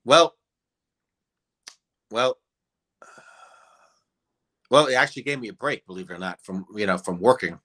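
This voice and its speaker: A man with a fairly low but bright voice chats as a guest in an interview. He rambles, hesitates and fills pauses. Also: expressive. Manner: rambling, many fillers, chuckling. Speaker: guest impersonator. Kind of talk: casual interview chat.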